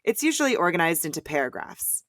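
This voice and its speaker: A woman hosting a poetry lesson, explaining clearly and chanting the rhythm of verse in an upbeat way. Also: lowish voice, very animated, fast, fairly bright tone, no echo, clean studio sound. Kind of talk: scripted educational explanation.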